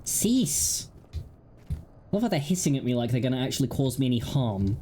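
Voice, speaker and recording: A woman's voice: rumbling low, expressive, fast talker, dark tone, a little hiss or hum. A woman hosting a gaming video, chatting casually and giggling with wry asides as she plays. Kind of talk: casual let's-play commentary.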